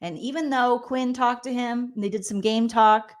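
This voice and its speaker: A woman in her forties hosting a casual comedic recap of a reality show, reading viewer comments and making quick, joking asides. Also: fairly high pitch. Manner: chatty, jokey, quick asides and mock voices.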